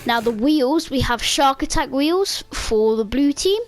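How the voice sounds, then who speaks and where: Relaxed young woman with a higher voice. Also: measured pace. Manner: relaxed, hesitant with fillers and self-corrections. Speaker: gaming video creator. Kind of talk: casual voice-over walkthrough.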